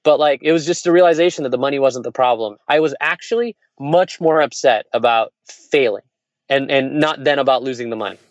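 A man in his forties, an entrepreneur, telling a personal story in casual conversation, frank and quick with restarts and laughs. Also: medium pitch, no room sound, dull audio. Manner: fast, candid, laughs and restarts often. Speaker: entrepreneur, podcast guest.

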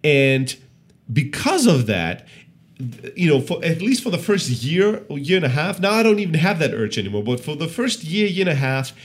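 Guy in his 30s cohosting a business podcast, chatty storyteller, voice bounces all over. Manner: animated storyteller, lively pitch, quick restarts. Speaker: podcast co-host. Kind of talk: casual podcast chat.

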